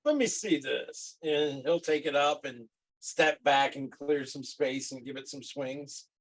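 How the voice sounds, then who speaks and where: A man's voice: mid-range voice, flat delivery, unhurried, low-quality recording. A man playing a tabletop game, joking and describing his character's actions. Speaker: player.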